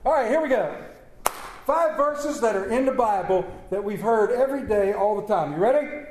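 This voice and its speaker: A man's voice: high-pitched, expressive, moderate pace, a little mellow, roomy sound, slight background noise. A man preaching a folksy sermon, reading scripture and talking conversationally, stumbling a little over words because of a swollen lip.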